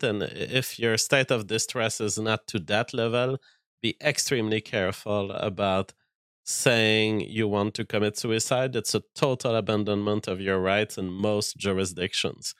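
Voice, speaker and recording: A man in the middle of a stream who talks over clips and reads viewer comments aloud. He argues his views bluntly. His voice is smooth and resonant, and the sound is close and dry with no room behind it. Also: lowish voice, a bit bright, no echo. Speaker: streamer reacting to clips and reading chat. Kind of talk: opinionated commentary.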